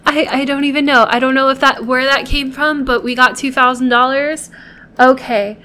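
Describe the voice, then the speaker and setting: A woman's voice: sits high, fairly even intonation, moderate pace, pushed and bright, clean tone. A woman hosting a gameplay video, chatting casually to viewers and coaxing and pleading with the characters she controls.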